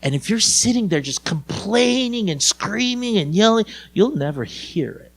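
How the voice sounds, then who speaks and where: A male pastor preaching a sermon in a conversational way, talking to his listeners directly and moving between raised emphasis and hushed, low tones. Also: expressive, measured pace, creaky, breathy edge. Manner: conversational, addresses listeners as "you guys".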